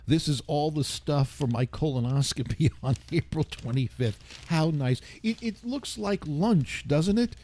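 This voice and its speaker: A man's voice: medium pitch, mellow. An older man hosting a radio show, chatting casually and rambling as he reads listener comments aloud. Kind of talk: casual DJ chat.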